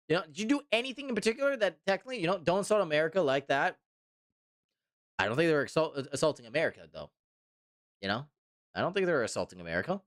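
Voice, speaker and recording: A man's voice: a little high, fairly bright tone, dry recording, clean studio sound. A man streaming live, chatting casually and reading viewer comments, rambling and repeating himself with mock indignation. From Canada.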